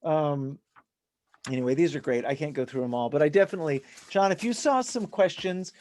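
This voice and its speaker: A middle-aged man teaching a songwriting workshop online, talking in an animated, chatty, self-deprecating way. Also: on the high side, fairly quick, no room sound. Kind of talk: casual online workshop talk.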